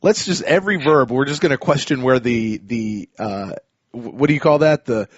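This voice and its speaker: A man's voice: medium pitch, lively intonation, moderate pace, breathy edge, dry recording, muffled recording. A man hosting a casual sports podcast, chatty and full of restarts. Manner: chatty, many restarts and fillers. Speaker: podcast host.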